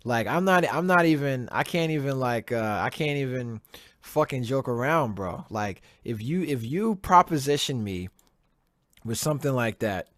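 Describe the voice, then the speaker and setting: Speaking at a moderate pace with lively intonation and medium pitch, a man hosts his podcast solo, right up against a desk mic with no room sound. The rant is profane and heated, full of repetition, with a virtual background on his video.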